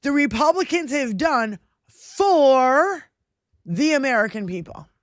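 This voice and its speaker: A woman's voice: high-pitched, lively intonation, slow pace, dry recording, studio quality. A woman co-hosting a political livestream, swearing freely and ranting at trolls in the chat. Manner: profane, combative, ranting at trolls. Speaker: livestream co-host.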